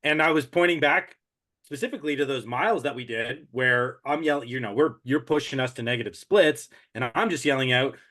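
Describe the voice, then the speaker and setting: A man in casual chat about an ultramarathon, slangy and pumped up, his voice trailing off softly at times. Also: medium pitch, fairly quick. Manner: hype-driven, slangy, trailing off quietly.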